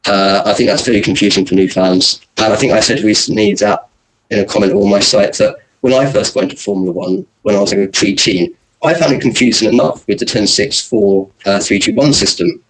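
A man's voice: on the low side, fairly quick, crowd noise, poor audio. A man sounding off as a podcast panel guest, indignant and filling gaps with ums. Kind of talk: casual panel chat.

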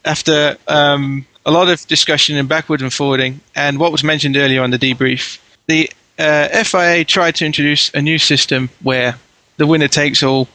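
A man hosting a casual panel podcast, putting questions to each guest in a brisk, chummy way. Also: on the high side, pushed and bright, no echo, rough recording. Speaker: podcast host.

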